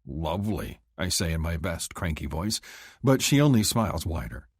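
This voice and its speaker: A man reads a fantasy romance in first person with a low voice and a husky grain. His delivery moves a lot in pitch, climbing high when he speaks for the heroine. The sound is dry and close to the mic. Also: sing-song, normal speed, dry recording. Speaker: audiobook narrator.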